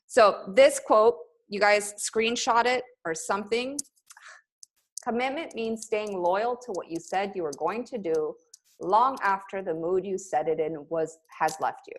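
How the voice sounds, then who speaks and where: Upbeat woman coaching over a video call. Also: medium pitch. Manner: upbeat, pep-talk style, laughs often. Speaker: business coach for yoga teachers. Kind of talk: energetic coaching webinar.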